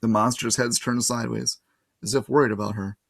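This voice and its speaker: Male storybook reader, steady and even, dry close recording. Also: mid-range voice, a little fast, creaky, no echo. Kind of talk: reading a children's novel aloud.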